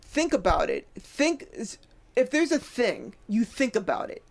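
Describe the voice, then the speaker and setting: A woman co-hosting a relaxed true-crime podcast, her voice a little gravelly with vocal fry. She restarts her sentences and repeats words as she talks. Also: fairly high pitch, a little slow. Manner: stammering, repeats words, laughs often. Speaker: podcast co-host. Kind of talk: casual true-crime chat.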